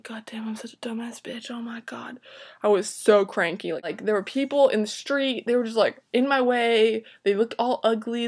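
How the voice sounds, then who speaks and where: Exasperated young woman telling a story. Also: mid-range voice. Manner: dramatic, exasperated, swears freely, lots of "like". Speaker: vlogger. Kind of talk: casual storytelling vlog.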